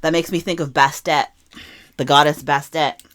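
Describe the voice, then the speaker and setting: A young woman with a fairly low voice gives a tarot reading to camera. She goes from quiet muttering over her cards to impassioned, emotional urging. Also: fairly even intonation, normal speed, soft background music. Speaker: tarot reader.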